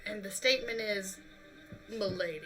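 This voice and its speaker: A woman at a tabletop game speaks in a measured, deliberate way, her voice bright and sharp. She talks through her moves steadily. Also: medium pitch, faint music behind, poor audio. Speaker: player. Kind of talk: tabletop role-play.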